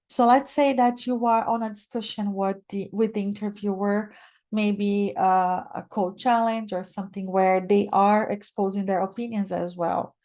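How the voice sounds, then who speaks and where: A woman's voice: mid-range voice, a little mellow. A woman who is not a native English speaker, giving a webinar talk as guest speaker and often checking in with the listener. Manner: explanatory, checks in with "right?". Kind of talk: webinar presentation.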